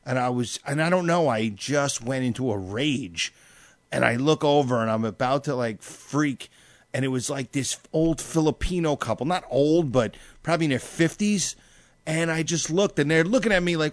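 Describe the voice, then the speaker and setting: A man in casual chat, telling stories with lots of swearing and acting out his own shouting. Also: medium pitch, brisk, no echo. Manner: profane, animated, acts out his own yelling.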